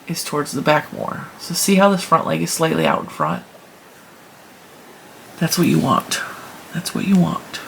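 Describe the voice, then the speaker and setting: A woman's voice: low voice, a bit bright, slight background noise. Chatty woman demonstrating knitting. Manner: chatty and emphatic, talks through her hands' work. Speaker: knitting channel host.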